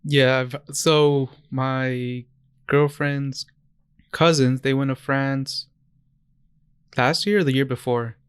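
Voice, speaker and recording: A young man from the States chats on a podcast, wandering through anecdotes and restarting his sentences as he goes. His voice sounds smooth and clear. The mic is close and dry, with no room sound. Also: mid-range voice, fairly even intonation, takes it slowly, pauses often, no echo. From United States. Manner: rambling storyteller, restarts often. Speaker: podcast co-host. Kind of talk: casual chat.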